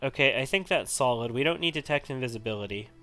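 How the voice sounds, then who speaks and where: A man's voice: medium pitch, animated, fast, loud music behind the voice. A man giving casual commentary while he plays a role-playing video game, chatty and thinking aloud. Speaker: let's-play host.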